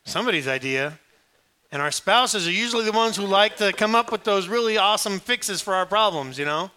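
Middle-aged preacher guy cracking jokes, bright tense tone, voice sits a bit high. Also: animated, fairly quick, clean tone. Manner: jokey storytelling with sudden hushed asides. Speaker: pastor. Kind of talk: sermon.

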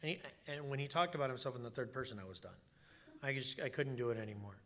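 A man's voice: medium pitch, fast talker, a bit bright. A male pastor preaching a sermon in a church, telling stories and stressing points by repeating words.

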